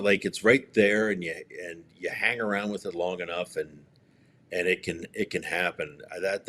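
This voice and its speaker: Casting note: low-voiced male guest, rambling opinions, faint background hiss on the line. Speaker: guest hockey writer. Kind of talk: casual interview chat.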